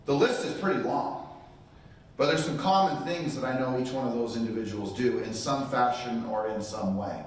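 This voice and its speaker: Recorded at a distance in a heavily echoing room with some hiss or hum, a middle-aged man delivers a motivational real estate training talk to a live crowd. He speaks in a mid-range voice at normal speed, narrating a story and performing the quoted lines.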